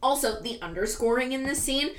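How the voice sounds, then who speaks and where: A woman casually retelling a story in animated style, with swearing and bursts of song. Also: high voice, fairly quick, a little hiss or hum. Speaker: podcast co-host. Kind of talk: casual chat. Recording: roomy echo.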